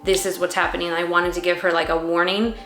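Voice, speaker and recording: A woman's voice: fairly low pitch, flat delivery, fast talker, fairly bright tone, roomy sound, soft background music. A mother in her thirties earnestly telling her birth story to the camera, emotional and full of "like" fillers.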